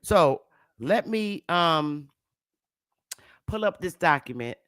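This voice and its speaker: A woman's voice: fairly low pitch, expressive, slow, fairly bright tone, dry recording, studio quality. A woman giving a casual, emphatic lecture to camera, with repetitive, preachy asides. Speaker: self-styled history teacher.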